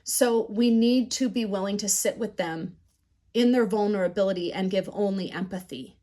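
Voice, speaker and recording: A woman leads a class on building resilience, with a voice of ordinary middle pitch. She mixes plain teaching with candid personal stories and acts out the quotes in an animated way. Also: moderate pace. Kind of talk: storytelling lecture.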